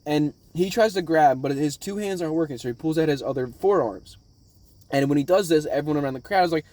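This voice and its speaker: A man at home giving a casual, rambling recap of a show in an excitable, profane way. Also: on the high side, fast, dry recording. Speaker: anime reaction vlogger.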